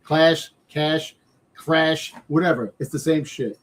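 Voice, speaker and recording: A man's voice: a little high, slow pace, slight background noise. A man co-hosting a wrestling podcast, talking casually and rambling with lots of fillers and restarts. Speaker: podcast co-host.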